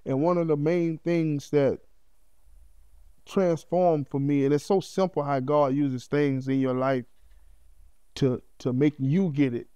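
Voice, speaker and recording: A man's voice: on the high side, level tone, a little slow, mellow, clear, resonant tone, dry recording, highs cut off. A middle-aged man, a podcast guest, telling his life story in a heartfelt, conversational way that is peppered with "you know what I'm saying.".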